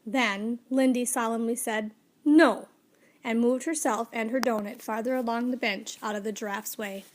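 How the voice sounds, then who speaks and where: A woman narrating a children's story aloud in a measured, gently expressive way. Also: fairly high pitch, a little hiss or hum.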